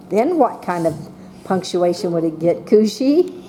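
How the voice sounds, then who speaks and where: A woman teaching a class of young children, speaking slowly and patiently and calling on each child by name. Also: on the low side, background noise. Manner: slow and patient, calling on children by name, voicing excited examples.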